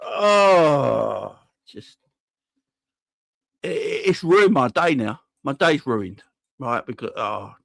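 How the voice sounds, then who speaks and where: A man's voice: medium pitch, big pitch swings, slow pace, gravelly, pauses often, fairly bright tone, no room sound. A man hosting a live-stream football fan channel, ranting heatedly, swearing and talking to his chat.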